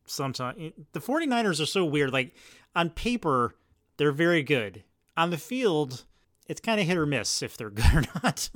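A man's voice: on the high side, very animated, moderate pace, fairly bright tone, no room sound. Guy co-hosting a football podcast, voice jumps around a lot, laughs at everything, dry close mic. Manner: laughs often, wry jokes. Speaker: podcast co-host. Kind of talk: casual sports chat.

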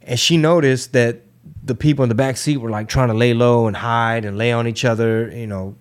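Man, podcast co-host, slangy, profane storyteller, mid pitch. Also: fairly even intonation, brisk, clean tone. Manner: loose, profane, slangy storyteller acting out quotes. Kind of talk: casual chat, storytelling.

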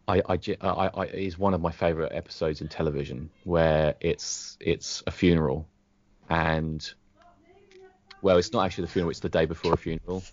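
A man's voice: low voice, no room sound. A British man chatting casually about a TV show as a podcast co-host, enthusiastic and often repeating words while he finds them. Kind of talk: casual chat reviewing a TV show. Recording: dry, dull lo-fi audio.

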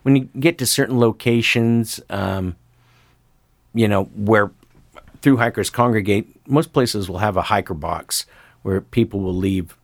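Older guy, gravelly, rambly storyteller, dry close sound. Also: on the low side, unhurried, no room sound. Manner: rambling storyteller, lots of fillers. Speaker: guest. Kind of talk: casual conversation.

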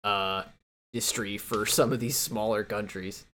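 A man's voice: fairly low pitch, steady tone, measured pace, a bit bright. A man co-hosting a casual movie podcast, blunt and profane, retelling scenes with laughs. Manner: blunt, swears, laughs between lines. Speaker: podcast co-host.

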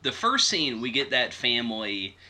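A man with a very bright, sharp tone and a lively pitch, talking in casual chat. He tells a rambling, amused story with a relaxed flow. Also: moderate pace.

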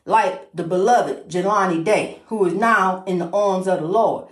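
A woman giving an informal, emphatic preaching monologue, repeating herself and calling the listener honey, speeding up when she gets excited. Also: on the low side, roomy sound. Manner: talks fast when excited. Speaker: inspirational speaker.

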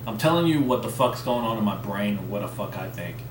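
A low-ish, animated voice speaks fast and off-mic in a roomy space with faint background noise. The podcast host delivers a casual, profane, rambling solo rant, with a slight lisp and some coughing.

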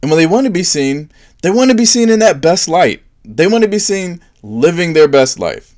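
Young adult male comic, sarcastic, lively pitch, a bit on the high side for a man. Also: moderate pace. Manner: sarcastic, swings into high mocking put-on voices for bits. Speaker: comedian. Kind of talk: stand-up style comedic monologue.

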